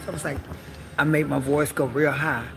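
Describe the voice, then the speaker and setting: A woman's voice: sits low, fairly even intonation, a little fast, background noise. A woman giving a sassy, bawdy comedy monologue on a live stream, calling listeners honey.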